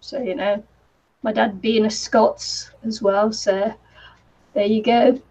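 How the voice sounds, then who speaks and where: A woman's voice: fairly high pitch, steady tone, slow, warm tone. A woman from England chatting casually and laughing easily on a video call. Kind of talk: casual chat. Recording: muffled lo-fi call audio.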